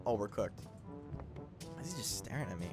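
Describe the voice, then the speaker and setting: A man's voice: fairly low pitch, big pitch swings, brisk. A man giving casual horror game commentary, jumpy, swearing and joking at the game. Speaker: gaming video creator. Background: game music.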